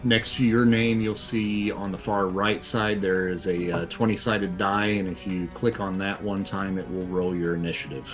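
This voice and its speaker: A man's voice: low-pitched, little pitch movement, normal speed, few pauses, music in the background. A man running an online tabletop game as game master, patiently explaining rules and the scene step by step with many fillers.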